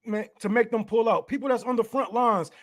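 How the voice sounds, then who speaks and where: A man's voice: extremely high pitch, fairly quick. A man giving a casual political rant, profane and heated, laughing often as he talks. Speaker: political commentator.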